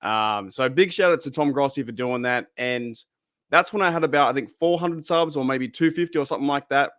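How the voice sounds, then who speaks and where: A man's voice: mid-range voice, fairly quick, fairly bright tone, dry recording, studio quality. An Australian man hosting his channel, chatting casually about football with lots of fillers and rambling asides. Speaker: channel host. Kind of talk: casual fan commentary.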